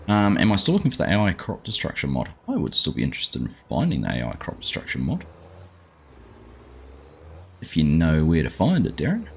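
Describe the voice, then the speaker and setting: A man's voice: low-pitched, creaky, fairly bright tone, a little hiss or hum. A middle-aged Australian man hosting a live gaming stream, chatting casually and greeting viewers by name, often calling them mate. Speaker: livestream gaming host.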